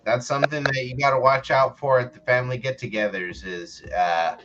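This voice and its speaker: A man's voice: mid-range voice, fairly even intonation, a little fast, dull audio, background noise. A man appearing as a stream guest in casual chat, easygoing and profane. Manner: easygoing, profane, calls people brother.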